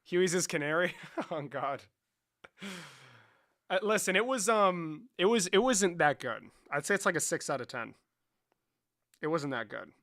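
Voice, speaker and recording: A man's voice: on the high side, lively intonation, measured pace, long pauses, fairly bright tone. A young adult man streaming live, chatting casually with his chat in a profane, rambling and joking way. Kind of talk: casual livestream chat, answering chat.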